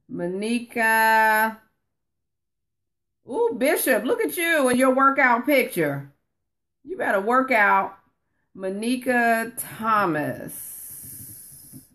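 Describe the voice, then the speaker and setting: With a high, slightly bright voice, this online course coach talks casually to her live-stream viewers. She coaches them, reads comments out loud, and addresses people as honey.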